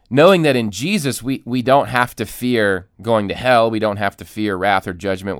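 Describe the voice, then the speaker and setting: A man's voice: lowish voice, smooth, no echo, studio quality. A man hosting a podcast who teaches as a pastor, earnestly explaining with restarts.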